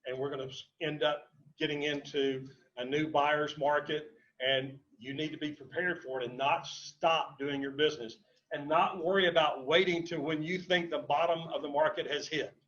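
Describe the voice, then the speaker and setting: A man addresses a seminar audience in a fairly high voice, leaning on key phrases and repeating them for emphasis. He drifts into anecdotes and then snaps back to the lesson. The live recording is a little dull and muffled. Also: steady tone, normal speed, fairly bright tone. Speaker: seminar speaker on real estate investing. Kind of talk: live seminar talk to a room and online audience.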